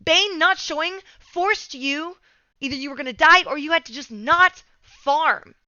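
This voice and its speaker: Woman, young, high voice, bright tone, casual coaching, swears a lot, dry slightly dull recording. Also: measured pace, no room sound. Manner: swears often, gets heated and ranting. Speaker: game coach. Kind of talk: casual coaching commentary over replay.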